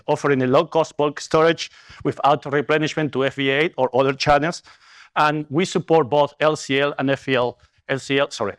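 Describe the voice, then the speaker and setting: A man's voice: medium pitch, no room sound, clean studio sound. A man with a Latin American accent presenting at a business conference, earnest and upbeat, with fillers and self-corrections. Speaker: company executive presenter.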